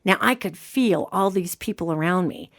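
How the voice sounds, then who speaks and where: Animated woman host telling stories. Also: lowish voice, moderate pace. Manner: animated storyteller, acts out quotes. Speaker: host and medium. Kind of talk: casual podcast chat.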